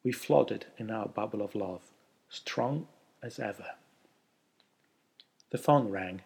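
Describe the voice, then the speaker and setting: A man narrating a first-person story in a quiet, heartfelt way. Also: on the low side, slow pace, vocal fry, husky.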